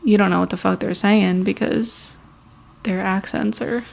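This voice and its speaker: A young woman from Long Island with a mild Long Island accent, co-hosting a podcast in casual chat, blunt and quick to laugh. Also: medium pitch, steady tone, vocal fry, a little mellow. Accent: Long Island, New York (mild). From Long Island, New York. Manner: laughs often, chatty and blunt. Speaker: podcast co-host.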